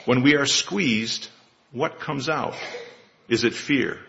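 A man in his sixties delivers a sermon in a gravelly, bright, somewhat forceful voice. He paces his points carefully and builds them through rhetorical questions. The recording is slightly dull and lo-fi. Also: mid-range voice, takes it slowly, a little hiss or hum. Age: 60s. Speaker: lay preacher.

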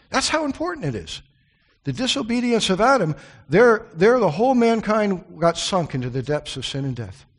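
A male preacher giving a Bible study sermon in a fairly high voice. He is earnest and plain-spoken, often stopping for friendly asides and restarting his sentences. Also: sing-song, normal speed, slightly rough.

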